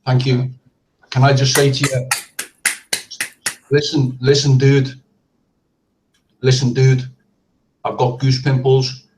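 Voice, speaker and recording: A man on an online group call who speaks earnestly and softly. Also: mid-range voice, completely flat delivery, slow pace, long pauses, noisy background.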